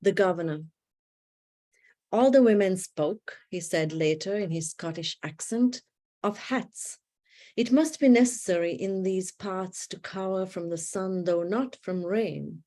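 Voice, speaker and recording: A woman reading her own poetry aloud in measured, deliberate phrases with long pauses, over a livestream video call. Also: fairly low pitch, mellow. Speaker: poet reading her work. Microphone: video call setup.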